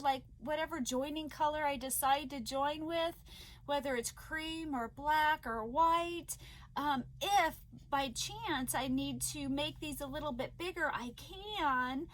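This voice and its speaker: A woman crochet vlogger chatting casually to viewers as she opens parcels, gushing and excitable with frequent gasps. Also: high voice. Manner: gushing and excitable, gasping often. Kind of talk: casual unboxing chat to viewers.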